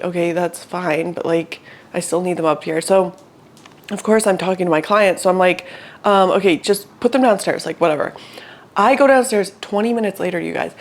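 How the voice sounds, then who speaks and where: A woman's voice: mid-range voice, a little mellow. Chatty young woman vlogging casually. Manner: chatty storytelling, frequent swearing and "like". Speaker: vlogger and fitness brand founder. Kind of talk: casual vlog chat. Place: her apartment.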